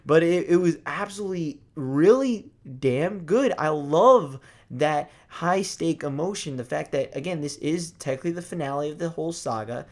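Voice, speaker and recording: A young man giving a casual movie review, excited and profane, rambling with lots of restarts. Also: a little high, moderate pace, hardly any pauses.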